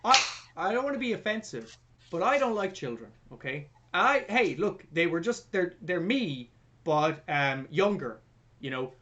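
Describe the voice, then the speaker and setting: A man's voice: high-pitched, sing-song, a little slow, bright, forceful tone, lo-fi sound, a little hiss or hum. A man co-hosting a film review podcast, recapping the plot in casual, sarcastic, sweary chat.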